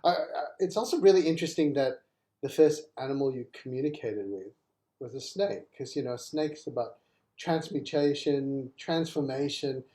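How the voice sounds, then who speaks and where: Male interview host, encouraging, many short affirmations; mellow voice, echoey room. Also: medium pitch, moderate pace.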